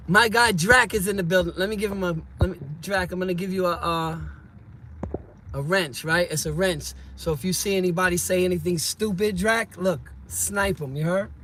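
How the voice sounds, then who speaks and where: A man telling a rambling, slangy street story that grows loud and heated. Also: sits high, normal speed. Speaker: vlogger telling stories. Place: car and street in the city. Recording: loud traffic and street noise.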